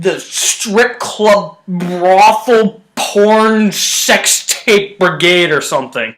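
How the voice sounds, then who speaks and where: A man's voice: high-pitched, a bit bright, reverberant. A young man giving a casual, exasperated review rant about a TV show. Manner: ranting, exasperated, blunt.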